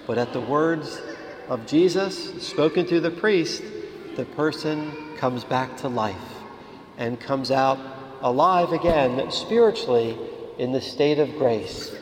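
A man's voice: mid-range voice, a little hiss or hum. Man preaching in a reverberant hall. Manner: calm, measured preaching. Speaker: priest. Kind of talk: sermon. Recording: reverberant hall with faint ambience.

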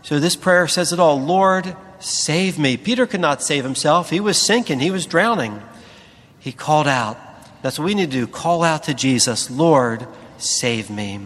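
A priest giving a sermon, speaking slowly and deliberately with emphatic pauses. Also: male voice, a little high, animated, a bit bright, in a large hall.

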